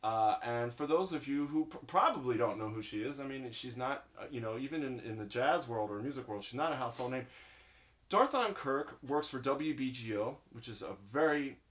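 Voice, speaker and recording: Male podcast co-host, bright tone, rambling casual storyteller. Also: medium pitch, expressive, a little fast. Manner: chatty, rambling, laughs often. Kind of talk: casual chat.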